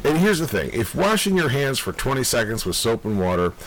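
A man's voice: medium pitch, sing-song, brisk, fairly bright tone, poor audio. A man with a New York accent co-hosting a podcast, ranting in casual talk, swearing a lot and often breaking into laughter. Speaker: podcast co-host.

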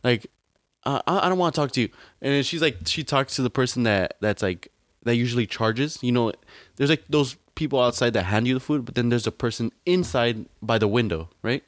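A man's voice: mid-range voice, fairly quick, hardly any pauses, no echo, clean studio sound. A young man on a casual podcast, telling a long story in a rambling, slangy way full of fillers. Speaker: podcast co-host. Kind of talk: casual chat.

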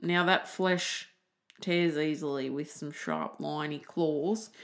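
A woman's voice: low voice, slow. An Australian woman hosting a podcast, telling a story in a chatty, jokey way and laughing at her own asides. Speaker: podcast host.

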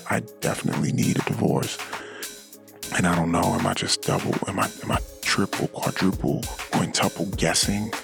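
Brief: middle-aged male podcast host, gravelly and very low, emotional halting monologue, faint music underneath. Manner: halting, emotional, many restarts and fillers. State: emotionally shaken. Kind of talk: personal confessional monologue.

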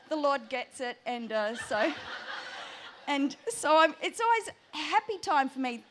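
Aussie lady preaching, animated chatty storytelling, a bit high-pitched. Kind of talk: personal testimony sermon.

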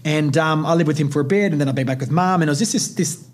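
Speaking fast in a slightly high voice, an Australian man hosting a podcast recounts something that happened to him. He curses without restraint and performs the voices in his quotes with plenty of animation.

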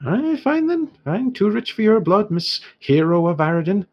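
A man voicing a greedy, theatrical male dwarf shopkeeper in a put-on Irish accent, with wheedling sales patter that leaps in pitch. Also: big pitch swings, normal speed, lo-fi sound, full character voice. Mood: mock-offended.

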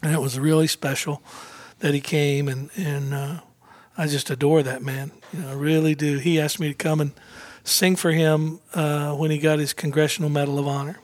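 A male guest telling a story in an animated, easygoing way, his voice sitting fairly high for a man. He acts out the quotes and laughs often, and the sound is close and dry with no room echo. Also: normal speed, hardly any pauses. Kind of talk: casual storytelling interview.

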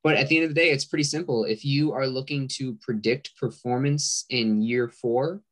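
A man guest explaining stats in a measured, casual way, often restarting his sentences. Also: mid-range voice, a bit bright.

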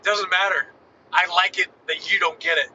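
Man, laid-back sidekick voice, bright and a bit high; off-mic, muffled. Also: fairly even intonation, moderate pace, far from the mic, a little hiss or hum. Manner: laid-back, chiming in with jokes. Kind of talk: casual chat.

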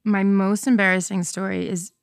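A young woman co-hosting a casual podcast, playful and quick to laugh and tease. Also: mid-range voice, little pitch movement, no echo, clean studio sound. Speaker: podcast co-host. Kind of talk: casual chat.

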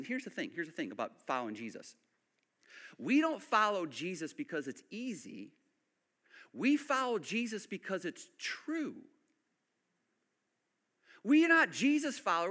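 Man, pastor, sermon, lively swooping pitch, higher voice, hushed emphatic drops. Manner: animated preaching, dropping to hushed emphasis.

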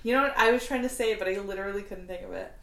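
A woman's voice: medium pitch, very fast, a bit bright. A woman co-hosting a casual podcast, recounting a case in chatty talk full of "like" and the odd swear. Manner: chatty, heavy use of "like", swears freely. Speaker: podcast co-host. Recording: roomy echo.

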